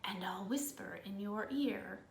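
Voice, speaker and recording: A woman's voice: high-pitched, big pitch swings, unhurried, a bit bright, roomy sound, a little hiss or hum, full character voice. A woman voicing a sly, hungry male crocodile in a storybook, in a whispered role-play with a coaxing manner.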